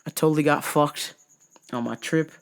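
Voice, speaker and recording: A vlog host telling a profane travel story, animated and laughing often, jumping into acted voices. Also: moderate pace, gravelly. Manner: acts out voices with big pitch jumps. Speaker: vlogger host. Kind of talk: casual storytelling rant.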